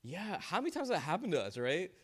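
A man's voice: high voice, very animated, fast, slightly rough. A man teaching a class, leading a discussion in a joking, encouraging way and praising answers. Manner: joking, encouraging, uses Islamic phrases.

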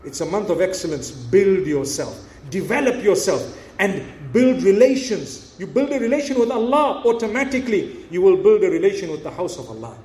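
A man preaching a sermon, telling a story and acting out the dialogue in an animated way. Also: high-pitched, normal speed, hardly any pauses, echoey room.

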